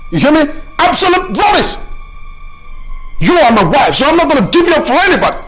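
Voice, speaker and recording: An actor playing a possessive, volatile husband who swings between pleading and shouting. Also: male voice, on the high side, huge pitch swings, unhurried, breathy edge, full character voice. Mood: raging. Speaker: film actor. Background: music.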